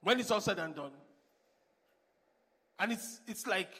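Male pastor, high animated voice, hushed to loud, music behind. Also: a little slow, husky. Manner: impassioned, swings between hushed and loud. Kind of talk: sermon with sung worship.

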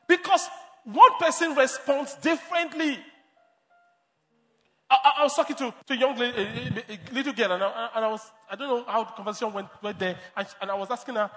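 A man's voice: high voice, fast talker, fairly bright tone, in a large hall. A man preaching a sermon as pastor, emphatic, repeating and restarting phrases.

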